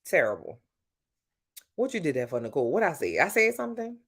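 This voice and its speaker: With a low-pitched, husky, slightly bright voice that swings widely in pitch, a New Orleans livestream host chats casually and a little fast with her viewers. She's blunt and talkative, calling people "child" and "baby" in her New Orleans accent. She's an adult with grown-up sons.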